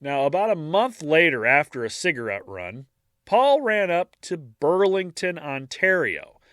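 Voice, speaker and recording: Male podcast co-host telling a case casually with wry asides; bright voice, dry close sound. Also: a little high, big pitch swings, a little slow, dry recording. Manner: reads case details, breaks off for dark jokes. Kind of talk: casual true-crime narration.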